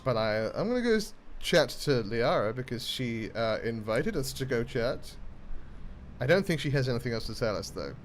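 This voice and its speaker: A man's voice: medium pitch, sing-song, normal speed, a little hiss or hum. A man with a Northern English accent giving casual, self-mocking let's-play commentary and reading game text aloud. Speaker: gameplay streamer. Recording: faint background game music.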